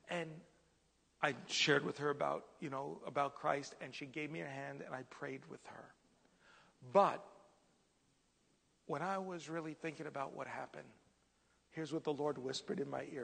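A man preaching a sermon as a story, lively and animated, sometimes dropping to a hushed whisper. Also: a little high, moderate pace, vocal fry, long pauses, husky, long reverb tail.

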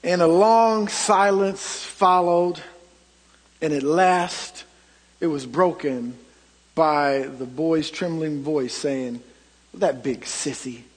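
A middle-aged man preaching a sermon, telling stories and swinging from loud emphasis to hushed asides. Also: fairly high pitch, slow pace. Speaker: pastor. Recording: long hall reverb.

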